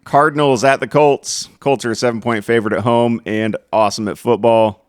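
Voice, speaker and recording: A man's voice: medium pitch, fairly even intonation, brisk, clear, resonant tone, dry recording, studio quality. A man co-hosting a podcast in casual sports chat, joking and reading out stats as he goes. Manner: joking, talks through stats aloud. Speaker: podcast co-host.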